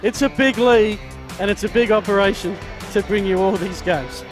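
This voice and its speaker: A man calling a local football broadcast as play-by-play commentator, speaking in a measured way. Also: high voice, faint music behind. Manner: measured, listing thank-yous.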